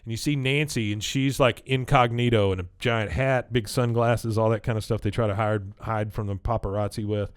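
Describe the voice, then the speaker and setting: A podcast co-host walks through a cartoon episode scene by scene, jumping into a higher, louder voice whenever he quotes the characters. His tone is smooth and clear, and the sound is dry and close with no room around it. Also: fairly even intonation, normal speed, hardly any pauses, no room sound. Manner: retells scenes, acting out characters' lines in raised voices. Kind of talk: casual episode recap chat.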